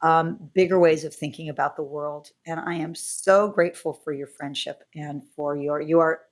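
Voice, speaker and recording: Middle-aged woman host, deep-set voice, effusive interview manner. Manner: warm, effusive and gushing. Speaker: podcast host. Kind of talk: podcast interview.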